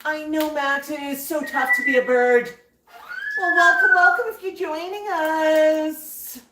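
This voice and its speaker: High-voiced woman cooing to her parrots. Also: fairly even intonation, measured pace, distant mic. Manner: coos and talks gently to her birds. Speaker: livestream host with pet parrots. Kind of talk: casual livestream chat. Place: indoor room with pet parrots. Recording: very echoey room, voice away from mic, faint noise.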